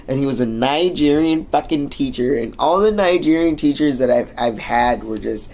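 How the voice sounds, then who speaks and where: Speaking at normal speed in a mid-range voice with vocal fry and a darkish tone, a young man from the United States streams a casual storytelling rant. He rambles, curses heavily, and leans on lots of filler words.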